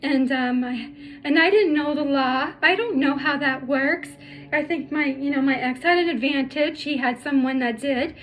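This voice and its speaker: A middle-aged woman telling her life story through tears, halting and full of restarts. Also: high voice, fairly bright tone. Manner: halting, emotional, many restarts. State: tearful. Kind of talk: personal storytelling vlog.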